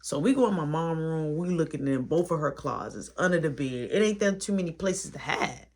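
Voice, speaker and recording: A man narrates a personal story in a casual storytime style and puts on the lines of each person in it. His voice is husky and breathy, and his pitch swings widely as he talks. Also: a little fast. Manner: animated, acts out quoted dialogue.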